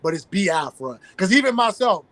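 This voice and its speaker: A man's voice: high voice, a little fast, fairly bright tone, no echo. A man with a Southern US accent, a guest activist in an interview, talking emphatically and repeating his key phrases. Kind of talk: interview conversation.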